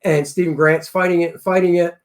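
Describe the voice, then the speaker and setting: A man co-hosting a casual TV episode review, excitable and quick to break into loud exclamations. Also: a little high. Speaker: show co-host.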